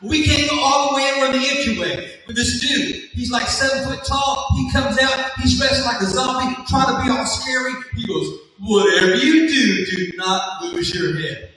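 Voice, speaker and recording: A middle-aged man, a motivational speaker telling a comic story at a school assembly, animated and jokey as he addresses the audience. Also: extremely high pitch, normal speed, few pauses, slight background noise. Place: large school hall. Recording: echoey hall from far off.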